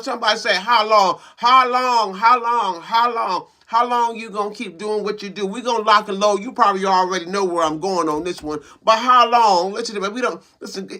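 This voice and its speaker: A man's voice: high voice, pushed and bright. A man preaching an emphatic motivational sermon, repeating phrases and building intensity. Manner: repetitive, emphatic, call-and-response preaching.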